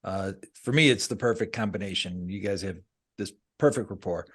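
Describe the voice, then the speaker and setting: A man's voice: deep voice, normal speed, husky. A man hosting a casual podcast interview, laughing often and giving short, encouraging replies. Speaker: podcast host.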